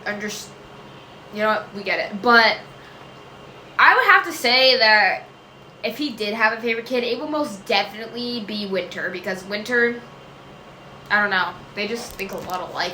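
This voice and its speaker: A woman's voice: medium pitch, moderate pace, bright, forceful tone. A woman vlogger answering viewer questions in casual chat, rambling, often trailing off with fillers and "I don't know". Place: home room. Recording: echoey room with faint noise.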